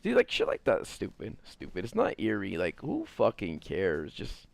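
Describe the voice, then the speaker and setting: A man's voice: low-pitched, huge pitch swings, moderate pace, vocal fry, dry recording. A young man giving casual let's-play commentary as a gaming streamer, joking, swearing and chatting with his viewers.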